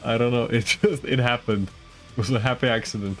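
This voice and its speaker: A man's voice: medium pitch, fairly even intonation, fairly quick, a bit bright, faint music behind. A man doing casual live esports commentary, chatty and rambling, teasing the chat between plays.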